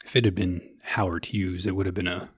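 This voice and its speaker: A man's voice: low voice, little pitch movement, slightly rough, no echo, studio quality. A man co-hosting a movie podcast, making wisecracks in casual chat. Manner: slow, wisecracking, laughs often. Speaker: podcast co-host.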